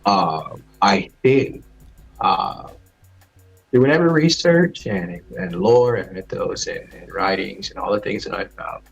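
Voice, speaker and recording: A man's voice: low-pitched, expressive, unhurried, gravelly, husky, faint music behind. A man calling in, a martial artist who speaks hesitantly with many filler sounds. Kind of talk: casual call-in chat. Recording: dull lo-fi call audio.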